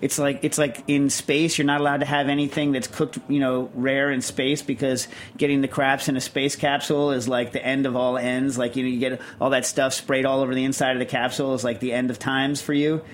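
A man's voice: medium pitch, little pitch movement, fairly quick, hardly any pauses. A man co-hosting a casual chat podcast, rambling and ranting with lots of fillers and self-deprecating asides. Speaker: podcast co-host.

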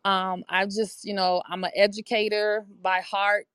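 A woman's voice: mid-range voice, level tone, a little slow, fairly bright tone, clean tone, dry recording. Chatty, enthusiastic woman with a dry sound. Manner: enthusiastic, chatty, many fillers. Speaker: interview guest, brand ambassador. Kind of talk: casual testimonial chat.

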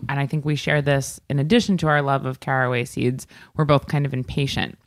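A woman's voice: extremely low pitch, steady tone, brisk, dry recording. A woman co-hosting a podcast, chatting casually, joking one moment and reflective the next. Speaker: podcast co-host. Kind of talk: casual chat.

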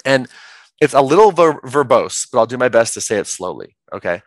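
A man's voice: mid-range voice, very animated, fast, dry recording. A man talking earnestly as a podcast guest, explaining his field with many "like"s and "right?"s. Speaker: guest, trauma practitioner.

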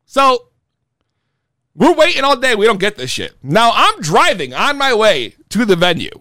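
A man's voice: sits high, huge pitch swings, moderate pace, bright, forceful tone, no room sound, clean studio sound. A young man casually telling a heated, profane story about a show that went wrong. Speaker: performing rapper telling a story.

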